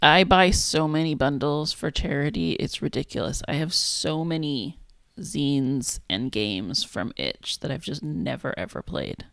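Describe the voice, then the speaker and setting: A woman casually chatting on a livestream as she makes a zine, thinking out loud and trailing off mid-sentence. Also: low voice, expressive, a little slow, creaky, no room sound. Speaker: zine maker streaming her work. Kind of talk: casual livestream chat while working.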